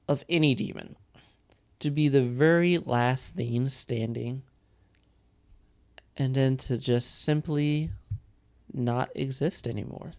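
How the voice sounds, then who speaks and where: Slow, deliberate game master. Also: male voice, mid-range voice, darkish tone. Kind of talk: explaining game lore to players.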